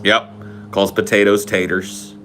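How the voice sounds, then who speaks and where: A man's voice: lowish voice, level tone, a little slow, music in the background. A man from the United States co-hosting a podcast, trading casual banter and ranting in a profane, teasing way. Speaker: podcast co-host.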